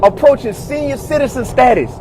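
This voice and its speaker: A man's voice: very high voice, brisk, darkish tone, slight background noise, rough recording. A man delivering a heated, exasperated rant from a car, repeating the same exclamations again and again. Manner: exasperated, repeats "God, dog, bro". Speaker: commentator in a social media video.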